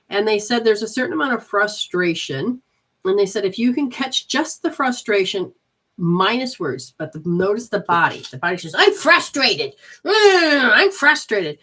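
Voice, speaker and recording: Rambling woman giving live readings. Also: on the low side. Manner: rambling, many restarts, switches into quoted voices. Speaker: intuitive healer giving readings to viewers. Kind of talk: live reading session, casual talk.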